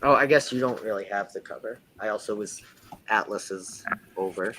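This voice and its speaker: A man's voice: fairly low pitch, moderate pace, sharp tone, slight background noise, low-quality recording. A man narrating as game master of a tabletop game, describing the action casually with many fillers.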